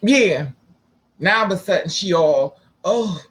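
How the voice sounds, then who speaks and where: A man's voice: high-pitched, animated, unhurried, a bit bright. A man telling a personal story in a casual, profane, dramatic way, acting out the people in it. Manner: profane, dramatic, switching between quoted voices.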